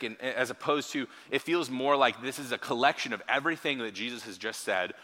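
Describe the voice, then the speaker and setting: Bright-voiced male pastor in a hall. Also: medium pitch. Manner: conversational, with frequent rhetorical "right?" asides. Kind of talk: sermon. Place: church hall.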